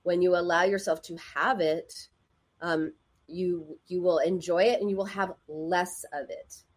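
A woman's voice: fairly low pitch, fairly even intonation, measured pace, husky. A woman therapist giving advice in a casual, conversational way, often acting out the voices of people she quotes.

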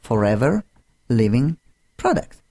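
A woman's voice: extremely low pitch, sing-song, measured pace, dark tone. A woman hosting a studio talk show, chatty and enthusiastic, with non-native phrasing. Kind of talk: casual studio chat.

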